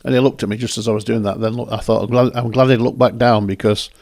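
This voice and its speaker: A man's voice: medium pitch, steady tone, fast talker, creaky, darkish tone, no room sound. A man hosting, chatting casually and rambling as he talks through his photos. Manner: rambling, self-correcting, chatty. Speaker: photographer and host. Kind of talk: casual commentary over photos.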